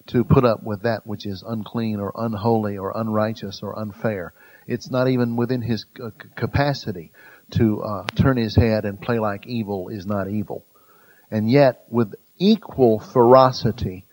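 A man teaching a Bible study in an earnest way, growing louder and slower to stress key phrases. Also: lowish voice, rough recording.

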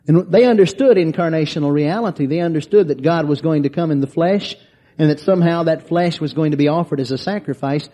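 A man's voice: fairly high pitch, a little fast, dark tone. A man preaching a sermon, reading scripture aloud and explaining it verse by verse.

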